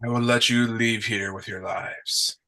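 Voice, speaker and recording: A man voicing a stern male master figure in a tabletop game who talks slowly and makes threats. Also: medium pitch, steady tone, pushed and bright, rough recording. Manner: slow, measured and threatening.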